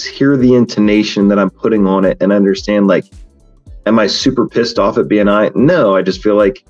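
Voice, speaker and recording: A man's voice: fairly low pitch, darkish tone, lo-fi sound. A man hosting a podcast in casual chat, talking frankly and rambling with many fillers and restarts. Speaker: podcast host.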